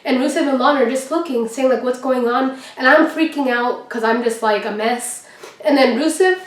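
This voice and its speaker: A young woman vlogger telling a story in a casual, excited way, acting out what people said. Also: high voice, normal speed, recorded from a distance. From Texas. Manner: excited, chatty, acts out quotes. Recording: echoey room, mic set back.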